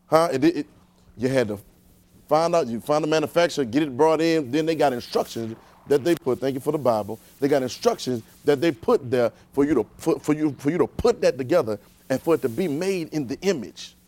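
A man's voice: fairly high pitch, brisk, darkish tone. A man preaching a conversational sermon, repeating himself and throwing rhetorical questions at the congregation.

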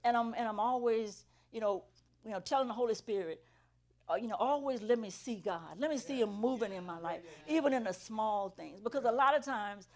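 A woman's voice: on the high side, fairly quick. Earnest woman giving a church testimony. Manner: earnest storytelling, builds to emphatic peaks. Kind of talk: testimony sermon.

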